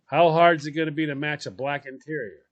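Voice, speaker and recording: Animated man telling a funny story. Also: on the high side, quick pace, highs cut off. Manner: animated, acts out quoted voices, laughs while telling. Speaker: podcast host. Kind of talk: casual storytelling.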